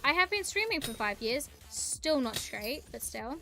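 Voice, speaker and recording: A woman's voice: high voice, big pitch swings, measured pace, vocal fry. A young woman streaming a game, chatting in a rambling, casual way and greeting her viewers. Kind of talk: casual live-stream chat while gaming.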